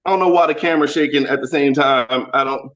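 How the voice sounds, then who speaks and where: Brash high-voiced comedian on a lo-fi call. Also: male voice, fast. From Florida. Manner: brash, loud, crude, swings between shouted bits and low mutters. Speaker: stand-up comedian. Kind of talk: stand-up comedy set over a video call. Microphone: video call. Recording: dull lo-fi video call audio.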